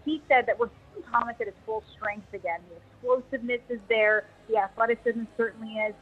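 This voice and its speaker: A woman's voice: fairly high pitch, brisk, breathy edge, narrow, tinny audio. A woman talking baseball as an analyst on a pregame radio show, chatty and self-deprecating. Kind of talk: casual sports chat.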